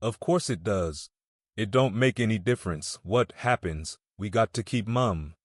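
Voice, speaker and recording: A man's voice: fairly low pitch, animated, unhurried, dry recording, clean studio sound. A man voicing a mischievous, scared young boy with a rustic drawl in a storybook reading. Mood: earnest. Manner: rustic drawling boyish talk.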